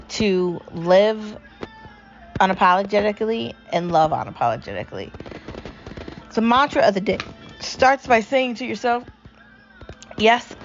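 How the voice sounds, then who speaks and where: A woman hosting a podcast, giving an upbeat, encouraging motivational talk and repeating simple mantras. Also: medium pitch. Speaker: podcast host. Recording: slightly dull lo-fi audio with faint hiss.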